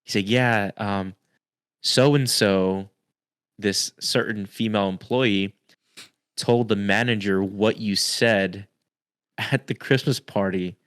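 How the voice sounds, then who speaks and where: A young man hosting a casual podcast, chatty and quick to laugh. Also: on the low side, steady tone, fairly bright tone, no echo, studio quality. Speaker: podcast host.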